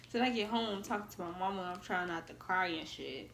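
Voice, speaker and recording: A woman's voice: on the low side, fairly quick, gravelly. A young woman telling a relationship story in casual vlog chat, acting out the voices of the people she quotes. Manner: animated, acts out quoted voices. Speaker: vlogger, storytelling half of a couple. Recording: echoey room with faint noise.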